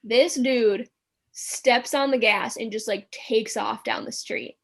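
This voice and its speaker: A woman guest telling a personal story in a casual interview, animated and full of filler words. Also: on the high side, slow pace.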